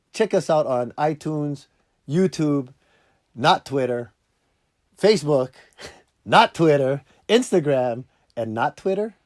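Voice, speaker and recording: A man's voice: a little high, a little mellow. A man hosting a casual podcast, rambling and joking with frequent laughs. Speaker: podcast host.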